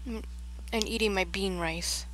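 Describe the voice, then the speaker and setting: A woman's voice: medium pitch, steady tone, unhurried, a bit bright, slight background noise, low-quality recording. A woman chatting casually on a game livestream, rambling and trailing off as she gives a tour of a build. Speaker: Minecraft livestreamer.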